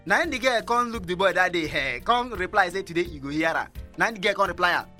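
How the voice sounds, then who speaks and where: A man doing stand-up comedy in Nigerian Pidgin, lively and talking straight to the audience. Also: high voice, fast talker, soft background music. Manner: lively, addresses the crowd directly.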